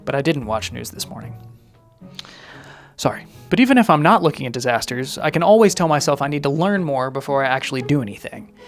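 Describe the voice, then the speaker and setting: A man's voice: mid-range voice, animated, fairly quick, soft background music. A man hosting a comedy video who delivers a scripted monologue in a sarcastic, self-deprecating way.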